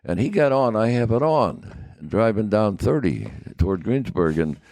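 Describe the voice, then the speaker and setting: An elderly man in his nineties with a low voice tells a story in a slow, meandering way, stopping often to restart his sentences. The sound is dry and close, with no room echo. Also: animated, darkish tone. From United States. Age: 90s. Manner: rambling, halting, with many fillers and repeats. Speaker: podcast guest, former football player. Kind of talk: anecdotal storytelling.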